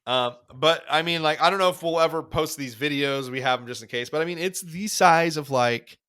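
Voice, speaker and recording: A man's voice: on the high side, a little fast, bright, forceful tone, clean tone, no room sound, studio quality. A man co-hosting a podcast, recapping a cartoon episode in a rambling, casual way full of fillers. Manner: rambling, filler-heavy retelling. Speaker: podcast co-host.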